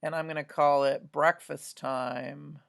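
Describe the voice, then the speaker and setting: A woman's voice: sits low, steady tone, a little slow, gravelly. A woman art teacher talks students through a drawing demonstration, chatty and often checking in with "right?".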